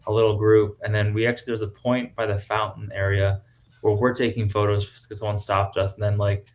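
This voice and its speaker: Man, lowish voice, chatty podcast guest, rambling, filler-heavy. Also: little pitch movement, a little fast. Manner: chatty, laughs often, many fillers. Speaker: guest cosplayer. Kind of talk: casual podcast chat.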